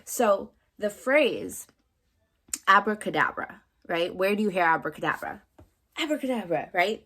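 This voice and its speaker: A woman's voice: medium pitch, fairly bright tone. A young adult woman vlogging casually about spiritual ideas, rambling with lots of fillers and frequent tag questions.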